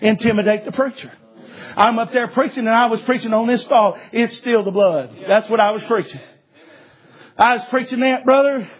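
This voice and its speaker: A man's voice: extremely high pitch, moderate pace, breathy edge. A male preacher, telling a story in a sermon in a folksy way and starting many lines with 'uh'. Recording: dull lo-fi recording.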